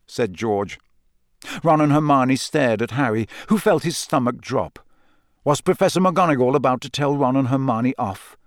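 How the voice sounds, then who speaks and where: A man's voice: medium pitch, animated, moderate pace, dry recording. Man narrating an audiobook, dry sound. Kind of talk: scripted narration.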